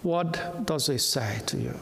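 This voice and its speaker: Male preacher, high and very expressive voice, slow deliberate delivery, long hall reverb. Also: creaky, a little hiss or hum. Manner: slow, emphatic, repeats key words; softens to a hush when quoting. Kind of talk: sermon.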